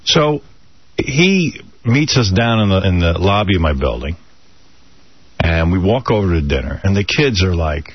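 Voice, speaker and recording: Husky guy ranting a funny story on the radio, voice bouncing up and down, muffled sound. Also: sits low, normal speed, no room sound. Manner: animated, excitable storyteller who acts out every voice. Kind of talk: comic anecdote on talk radio.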